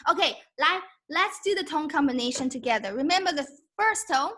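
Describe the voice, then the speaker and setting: High, bright-voiced teacher woman. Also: lively intonation. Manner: slow, patient, mixes English with Mandarin, models tones by humming. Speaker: Mandarin teacher. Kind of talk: live-streamed language lesson.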